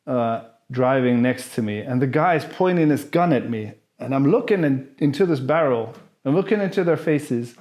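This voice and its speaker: On the high side with a darkish tone, a man vlogs answers to viewer questions through a personal story. He talks openly and crudely, performing the voices of the people he describes.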